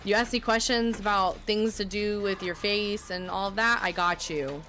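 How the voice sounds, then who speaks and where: A young woman with a faint Southern US accent talks on a live stream, rambling, joking at her own expense and breaking off to thank viewers. Her voice sits at a middle pitch, and a faint hiss of noise runs underneath. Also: fairly even intonation, a bit bright. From Texas. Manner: chatty, rambling, self-deprecating, quick asides to chat. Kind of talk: casual live-stream chat.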